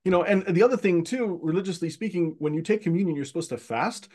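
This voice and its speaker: Guy from egypt telling stories on a podcast, kinda high voice, lively, keeps repeating words. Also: fast. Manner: animated, repeats words while searching for them. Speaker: podcast guest. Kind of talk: casual storytelling conversation.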